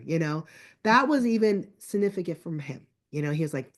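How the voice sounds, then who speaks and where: A middle-aged woman telling a family story in casual conversation, chatty and animated, acting out the lines of her relatives. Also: medium pitch, brisk. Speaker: guest. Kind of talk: casual storytelling on a podcast call.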